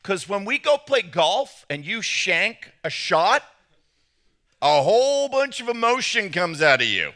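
Animated, high-voiced male pastor preaching. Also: unhurried. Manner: animated, joking, acts out quoted voices. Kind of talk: sermon.

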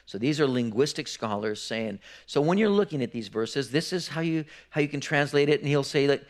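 A man's voice: mid-range voice, lively intonation, fairly quick. Male pastor preaching with "right?" checks. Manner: explanatory, frequent "right?" checks, repeats words when restarting. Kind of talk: sermon.

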